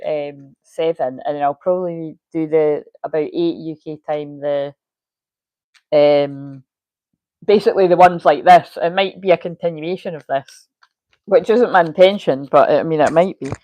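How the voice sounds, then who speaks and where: Low-voiced lady doing a tarot livestream, chatty, swears a lot, laughs easy, dry close sound. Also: steady tone, normal speed, no room sound, lo-fi sound. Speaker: tarot reader. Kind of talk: casual livestream tarot reading.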